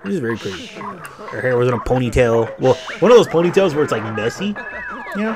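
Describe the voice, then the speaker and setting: A man's voice: mid-range voice, very animated, fast, over music. A man telling a rambling, profane personal story during a game playthrough, often correcting himself. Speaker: gaming channel host.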